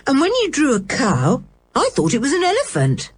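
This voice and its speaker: A woman's voice: high voice, wildly swooping pitch, moderate pace, breathy edge, voice pushed up, heavily acted. A woman voicing a scornful, teasing young boy in a storybook reading.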